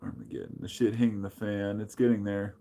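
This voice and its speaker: Speaking a little fast in a lowish, creaky voice, this American man runs a casual livestream where he reads his chat and replies. He's blunt and profane, and he gets animated whenever he says hello to chatters.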